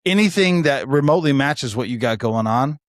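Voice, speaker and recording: A man's voice: mid-range voice, fairly quick, no room sound, clean studio sound. A man in his forties chatting casually on a podcast, telling stories with lots of swearing and acting out what other people said. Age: 40s. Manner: animated storyteller, acts out quoted dialogue, swears freely. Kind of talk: casual chat.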